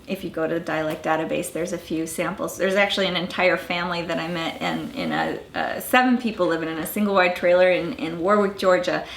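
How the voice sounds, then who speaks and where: Bright-voiced Southern woman explaining dialects. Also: lowish voice. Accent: Southern American. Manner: informal, many fillers and restarts, blunt asides. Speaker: dialect researcher. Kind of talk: casual explanation to camera. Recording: echoey room.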